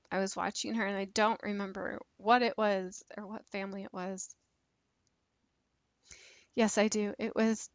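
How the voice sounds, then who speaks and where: A woman's voice: mid-range voice, no echo. A woman chatting casually in a vlog, rambling and a bit nervous, with lots of fillers and restarts. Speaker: YouTube creator doing a tag video. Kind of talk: casual chat.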